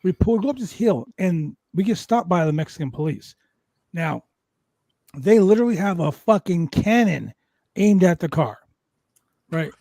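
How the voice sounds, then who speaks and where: A man hosting a wrestling podcast, telling a road story with heavy swearing and lively energy. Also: high voice, moderate pace, long pauses, no echo. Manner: animated, profane storyteller. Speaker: podcast host.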